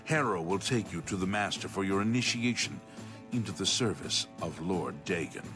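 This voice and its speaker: A grave cult doorkeeper welcomes newcomers in a very deep voice whose pitch swings widely. Loud game music plays under him. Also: male voice, expressive, moderate pace. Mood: ceremonial. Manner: ceremonial, urgent. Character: grave male cult doorkeeper greeting initiates.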